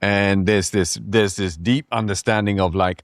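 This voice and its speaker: Man, low voice, reflective, casual podcast chat, dry close sound. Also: steady tone, measured pace, hardly any pauses, no room sound.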